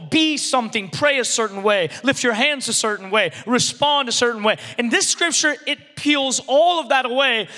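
A man in his thirties preaching a sermon in a conversational, animated way, with frequent restarts and acted-out quotes. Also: extremely high pitch, long reverb tail. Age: 30s. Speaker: pastor.

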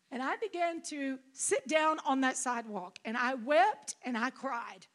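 A middle-aged woman pastor preaching a sermon, telling a personal story with rising emotion and shouting. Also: high-pitched, animated, a little slow, few pauses. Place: conference hall.

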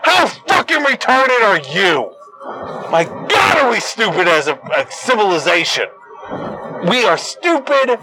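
High, forceful man on a profane rant. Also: big pitch swings, unhurried, a little hiss or hum, rough recording. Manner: profane, combative and ranting; bursts into yelling at peaks. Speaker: host. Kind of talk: angry solo rant.

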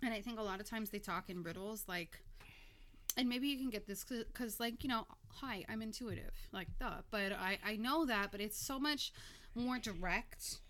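A woman chatting casually with a bright, forceful voice, telling a story in animated bursts. She swears freely and acts out her own lines as she goes. Her pitch sits in an ordinary middle range. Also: normal speed. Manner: animated, swearing, quotes herself in lively bursts. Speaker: podcast guest storyteller. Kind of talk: casual chat.

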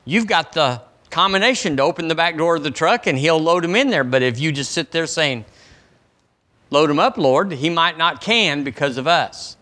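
Folksy pastor preaching. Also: male voice, a little high, animated, moderate pace, few pauses, sharp tone. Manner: folksy, conversational preaching with quoted questions. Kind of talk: sermon. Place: church sanctuary.

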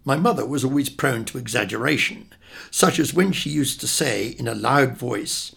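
A man's voice: medium pitch, moderate pace, creaky, a bit bright, husky. An older man from England reading his childhood memoir in a wry, reflective way. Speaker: narrator.

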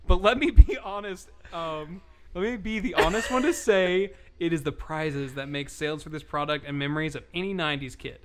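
A man's voice: fairly high pitch, moderate pace, background noise. Giggly man reading reviews on a podcast. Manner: giggly, reads reviews aloud with mock emphasis. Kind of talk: casual comedic chat.

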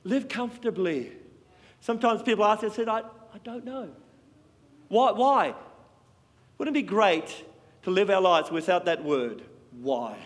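A man preaching a sermon with passion, swinging between loud and hushed. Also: sits high, measured pace. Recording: long hall reverb.

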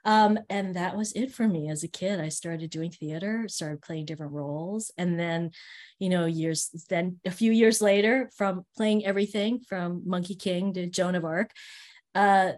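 A middle-aged woman from Northern California, an interview guest who works as a theater teaching artist, telling stories with lively quoted voices and frequent laughter over a video call. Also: on the low side, normal speed.

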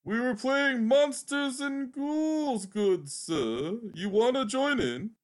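A man's voice: very high voice, lively intonation, slow pace, voice pushed up, heavily acted. A man voicing a polite young kid at play who talks in a quaintly formal way.

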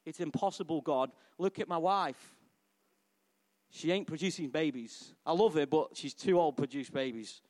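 A man's voice: fairly high pitch, normal speed, a little mellow, long reverb tail, natural voice. A man doing a weary old man pleading. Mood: exasperated.

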